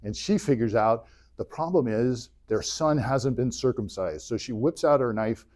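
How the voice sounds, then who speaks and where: A man's voice: mid-range voice, expressive, normal speed, a little mellow. A man teaching an adult church class, retelling a story in a chatty, joking way and acting out the dialogue. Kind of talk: humorous casual retelling of a story.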